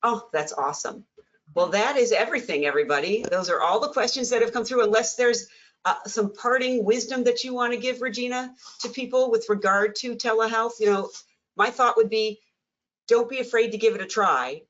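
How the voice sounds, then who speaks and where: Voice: medium pitch, fairly quick, fairly bright tone. Upbeat webinar moderator, muffled audio. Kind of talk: hosting a Q&A webinar.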